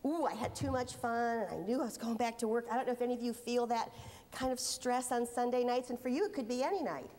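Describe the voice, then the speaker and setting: A woman giving a storytelling keynote talk to a conference audience, theatrical and animated, swinging from loud exclamations to hushed asides. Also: a little high, quick pace, in a large hall, low-quality recording. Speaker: keynote speaker. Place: conference hall before an audience.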